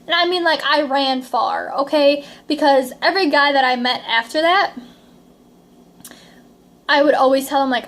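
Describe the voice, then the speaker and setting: A woman's voice: high-pitched, moderate pace, long pauses, fairly bright tone, a little hiss or hum. A young woman giving frank relationship advice to camera in a chatty, casual way, with lots of "like" and "okay?". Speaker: advice vlogger.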